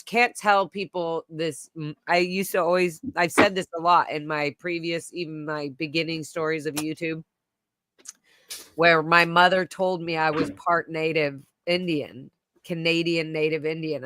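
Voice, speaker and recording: Bright, emotional woman telling a story. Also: sits low, no room sound. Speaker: host. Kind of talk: casual chat.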